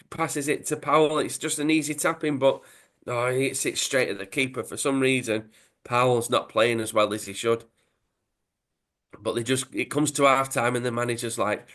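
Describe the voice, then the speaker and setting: A man casually retelling a football comic story as a podcast host, in a chatty, animated way. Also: mid-range voice.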